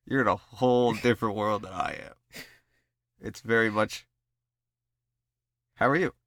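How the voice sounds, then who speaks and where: A man's voice: on the low side, fairly even intonation, normal speed, a bit bright, no echo. Dry-witted man with terse comebacks. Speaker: podcast co-host. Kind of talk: casual chat.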